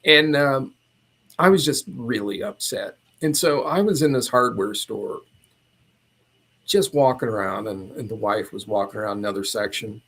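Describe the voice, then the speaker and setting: A man's voice: mid-range voice, moderate pace, breathy edge. Man telling a rambling story. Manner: meandering, animated retelling. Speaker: podcast guest. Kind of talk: casual storytelling.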